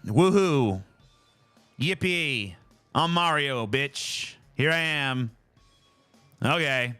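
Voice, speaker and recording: A man doing a mocking impression of a bored adult man who talks in a flat, careless mumble. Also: on the high side, very slow, clean tone, faint music behind, exaggerated voice. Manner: flat, mumbling, couldn't-care-less delivery.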